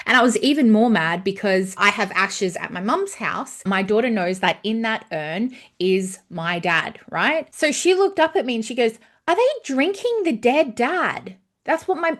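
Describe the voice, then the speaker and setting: A woman's voice: on the high side, lively intonation, moderate pace, hardly any pauses. A woman in her thirties giving a blunt, ranting movie review who swears freely. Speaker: film reviewer. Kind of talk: casual spoken movie review.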